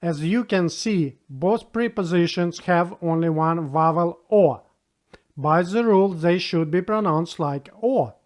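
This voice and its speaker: Slow, patient man teaching a language lesson. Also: a little high. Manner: patient, spells out rules and repeats example words.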